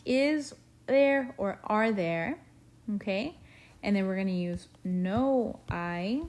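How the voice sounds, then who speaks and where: A woman talks through a recorded classroom lesson at an unhurried pace, patient and explanatory, pausing often to check that listeners are following. Her voice sits at an ordinary middle pitch, and a faint hiss with small clicks runs underneath. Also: rough recording. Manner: patient, explanatory, frequent "okay?" check-ins. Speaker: Spanish teacher.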